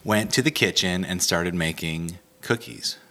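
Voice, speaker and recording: A man's voice: deep voice, unhurried, sharp tone. A man hosting a podcast, chatting casually with a guest in a home kitchen. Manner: upbeat, chatty, laughs easily. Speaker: podcast host. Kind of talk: casual interview chat.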